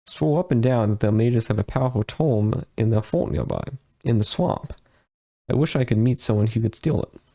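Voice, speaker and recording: A man's voice: on the low side, sing-song, normal speed, warm tone. A man reading aloud the lines of a cheerful, short female mage, plainly and without a put-on voice. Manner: plain read-aloud delivery.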